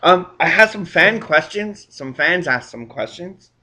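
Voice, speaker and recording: A man's voice: on the high side, lively intonation, crowd noise. A man interviewing a guest, agreeable and encouraging, with frequent short affirmations. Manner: agreeable, encouraging, quick backchannels. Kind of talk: casual interview.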